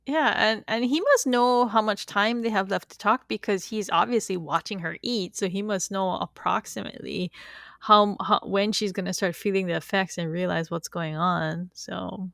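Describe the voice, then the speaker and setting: A woman's voice: mid-range voice, moderate pace, vocal fry, a bit bright, dry recording, clean studio sound. A middle-aged woman co-hosting a podcast, chatting casually and laughing often as she recaps a show. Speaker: podcast co-host. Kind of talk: casual chat.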